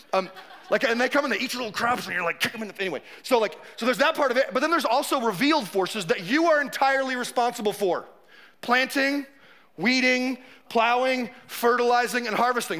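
A pastor in his forties preaching a loose, joking sermon. His voice sits very high for a man and rings bright and forceful. He keeps slipping into playful little acted-out scenes. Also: expressive, fast. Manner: conversational, joking, acts out quotes.

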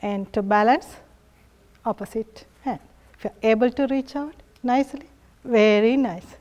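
A woman leads a yoga class at an unhurried pace, her voice sitting a little high. She coaxes her students along gently and encouragingly, with frequent soft laughs. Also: lo-fi sound. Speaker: yoga instructor. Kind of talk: guiding a family yoga class.

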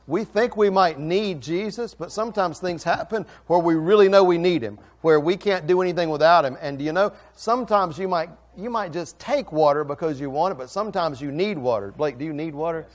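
A man's voice: on the high side, a little fast, hardly any pauses. A middle-aged man, a pastor, giving a playful children's sermon and questioning the kids.

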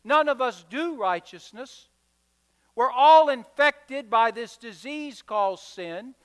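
High-voiced emphatic preacher. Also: male voice, sharp tone, clear, resonant tone. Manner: emphatic, rhythmic repetition. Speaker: pastor. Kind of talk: sermon. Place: church sanctuary. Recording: reverberant church hall.

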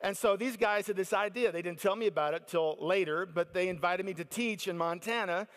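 A middle-aged American man telling a lively story at a faith conference, acting out the excited voices of the people in it. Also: high voice, a little fast, big-room sound. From United States. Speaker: conference speaker. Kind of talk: storytelling sermon.

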